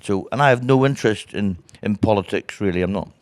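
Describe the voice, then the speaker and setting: A man with a Northern Irish accent spins stories in a casual interview, his voice sitting fairly low. He acts out the people in his stories as he goes. The sound is dry and close, with no room around it. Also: fast talker, dry recording. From Northern Ireland. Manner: animated storyteller who acts out other people's voices. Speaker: guest comedian.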